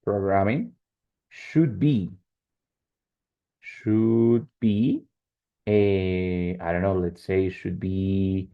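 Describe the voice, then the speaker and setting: A man teaching an online English lesson, explaining slowly and often checking in with "right?" and "yes?". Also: low-pitched, steady tone, creaky. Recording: dull lo-fi call audio.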